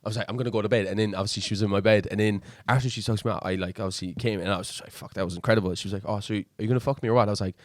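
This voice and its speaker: A man's voice: on the low side, steady tone, rapid-fire, few pauses, no room sound, clean studio sound. A young man telling a crude anecdote as a podcast guest, swearing freely in casual chat.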